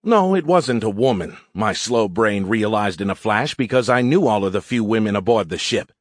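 Wry, husky male audiobook narrator. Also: fairly low pitch, lively intonation, moderate pace, no room sound, studio quality. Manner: wry, self-mocking. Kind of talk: scripted first-person narration.

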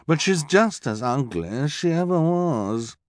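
A shrill, preening villainess shrieks with glee, her voice far above a man's usual pitch, as a male narrator puts her on. The delivery swoops and leaps between high notes. The audiobook sound is dry and close. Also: expressive, measured pace, dry recording. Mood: sneering. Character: shrill vain villainous woman, fashion-obsessed.

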